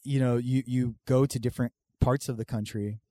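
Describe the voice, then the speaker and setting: A young man from California chatting casually as a podcast co-host, telling rambling, animated stories. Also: mid-range voice, fairly quick, dry recording. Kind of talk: casual chat.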